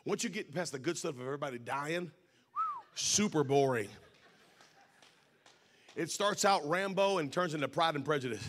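A man preaching a sermon, telling a story and then building to shouted, fervent preaching. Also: fairly high pitch, animated, normal speed, long pauses, slight background noise.

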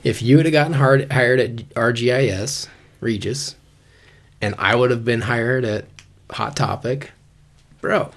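A man's voice: mid-range voice, measured pace, pauses often. Laid-back man telling stories. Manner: laid-back storytelling, says dude and bro. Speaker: podcast co-host. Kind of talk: casual chat.

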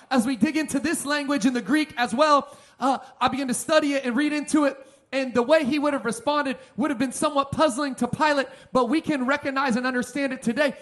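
A man with a very high voice preaches a sermon. He is emphatic, pushing some lines out loud and dropping others low. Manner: emphatic preaching, swings between loud and soft. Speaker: pastor.

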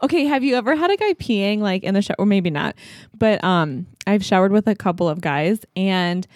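A woman's voice: medium pitch, lively intonation, brisk, darkish tone, no room sound, clean studio sound. A woman co-hosting a podcast, chatting playfully and bawdily with frequent laughter. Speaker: podcast co-host. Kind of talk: casual chat.

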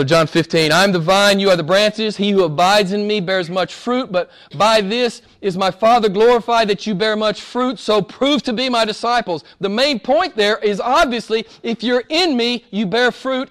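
Male pastor, sermon, fairly high voice, punchy emphasis, drops to a hush for effect. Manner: emphatic, swinging from loud stresses to near-whispers; conversational, addresses listeners directly.

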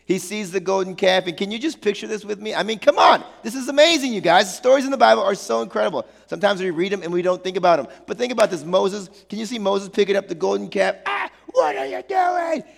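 A male pastor preaching a sermon, telling the story in a lively, playful way with slangy asides. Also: sits high, quick pace, gravelly, few pauses, big-room sound.

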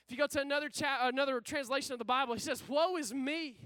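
High-voiced energetic male preacher. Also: rapid-fire, dry recording. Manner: energetic, call-and-response with the congregation; casual slang-filled preaching. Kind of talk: sermon.

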